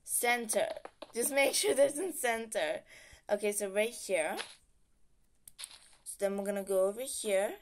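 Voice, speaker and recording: A woman's voice: mid-range voice, unhurried, long pauses, slight background noise. A woman giving casual, playful game-tutorial commentary, chatting and humming sound effects as she builds. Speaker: gaming channel host.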